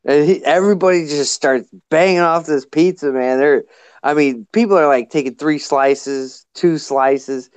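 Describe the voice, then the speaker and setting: A man telling a story in a casual group chat, animated and breaking into laughter as he goes. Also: a little high, unhurried, smooth, no echo.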